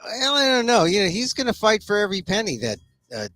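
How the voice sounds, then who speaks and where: A man with a high, sing-song voice and a sharp tone hosts a talk show, with faint music behind him. He chats casually and agreeably with a guest in a conversational manner, offering frequent quick affirmations.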